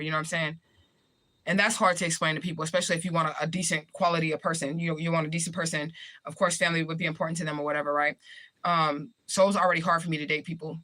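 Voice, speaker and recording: A woman's voice: low-pitched, level tone, racing, sharp tone. A woman chatting casually on her livestream, reading viewer comments aloud and answering them in a blunt, profane way. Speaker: livestream host.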